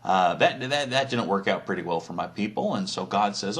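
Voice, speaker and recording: A man's voice: lowish voice, animated, fairly quick, fairly bright tone. A man telling a crude, profane comedic story in a rambling, casual way.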